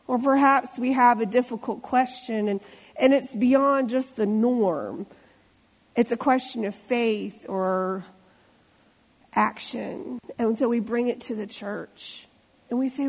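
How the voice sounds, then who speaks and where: A middle-aged woman pastor preaching a sermon in a church, talking in a conversational way and often asking the congregation questions. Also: mid-range voice. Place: church sanctuary. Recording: long church reverb.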